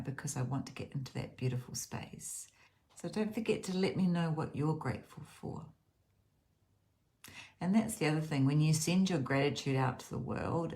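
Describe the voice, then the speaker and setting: Woman, low voice, earnest, rambling, casual self-help talk. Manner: rambling, earnest, repeats herself.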